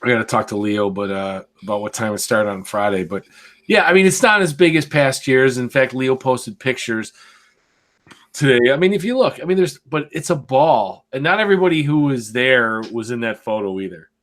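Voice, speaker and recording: Man, podcast co-host, casual rambling chat, swears freely, medium pitch. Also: expressive, moderate pace, a bit bright.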